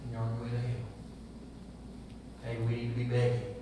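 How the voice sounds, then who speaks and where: A man's voice: medium pitch, monotone, fairly quick, background noise. A male pastor preaching a sermon, asking his congregation many rhetorical questions. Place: church sanctuary. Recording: echoey church from far off.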